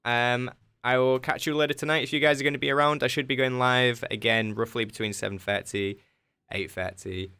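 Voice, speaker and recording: A man's voice: mid-range voice, fairly even intonation, a little fast, pushed and bright, clean tone. A man with an English accent, a game streamer in casual chat with his viewers, joking and answering their questions. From England.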